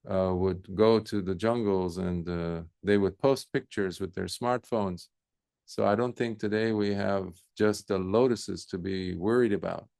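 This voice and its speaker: A man, a Buddhist monk, giving a relaxed dharma talk, telling stories with pauses and fillers. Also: low voice, gravelly, dry recording, clean studio sound.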